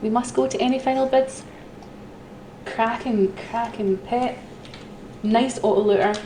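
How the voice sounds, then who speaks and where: A woman's voice: fairly high pitch, fairly even intonation, measured pace, mellow. A woman hosting a live auction, chatty and giggly with frequent ums. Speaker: auction host. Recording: roomy echo with faint noise.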